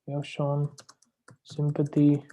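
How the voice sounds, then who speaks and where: A man working as an English test tutor, going over a student's mistakes and repeating the key advice slowly for emphasis. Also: fairly high pitch, completely flat delivery, mellow, slight background noise. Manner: corrective and repetitive, slows down to stress key phrases. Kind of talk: spoken feedback on a practice test.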